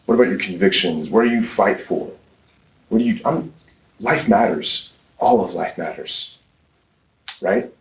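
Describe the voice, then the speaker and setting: Male conference speaker, 30s, on the lower side, emphatic questioner, echoey room. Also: measured pace, pauses often. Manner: emphatic, fires rhetorical questions, frequent restarts. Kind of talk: live conference talk. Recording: roomy, distant from the mic.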